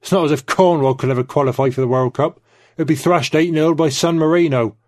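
A man's voice: fairly high pitch, brisk, voice pushed up, close to an everyday voice. A man voicing a blunt, contemptuous middle-aged man who talks curtly and dismissively. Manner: curt, dismissive, forceful.

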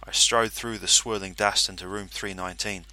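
A man's voice: low-pitched, fairly even intonation, normal speed, pushed and bright. A man reading a first-person story aloud, in a dry, matter-of-fact narrating manner.

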